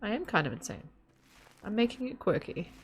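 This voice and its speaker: A woman's voice: medium pitch, big pitch swings, brisk, slightly rough. A woman streaming a game, chatting in a rambling, giggly, casual way to her viewers and a friend. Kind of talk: casual live-stream chat while gaming.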